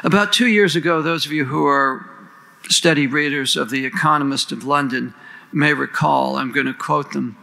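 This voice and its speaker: Gravelly, bright-voiced man giving a formal speech. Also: fairly high pitch, moderate pace, rough recording. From United States. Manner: earnest, rhetorical, lists and questions. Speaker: panel moderator introducing speakers.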